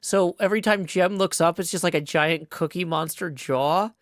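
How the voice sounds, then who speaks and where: A man's voice: high voice, moderate pace, dry recording. A man talks through a build into a desk microphone, thinking aloud and second-guessing himself. His asides turn into playful jokes. The recording is close and dry, with no room sound. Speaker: Minecraft server player. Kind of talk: casual gameplay commentary.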